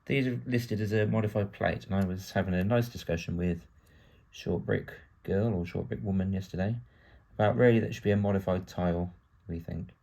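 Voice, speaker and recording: British man, lowish gravelly voice, chatty build-along narration, wry asides. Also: a little fast, dark tone. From United Kingdom. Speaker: toy-building vlogger.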